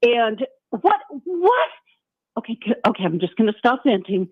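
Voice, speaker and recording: An older woman calling in to a sports radio show, venting in an exasperated, animated way. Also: a little high, a little fast, husky, no echo. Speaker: caller. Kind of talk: call-in radio. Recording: tinny phone line.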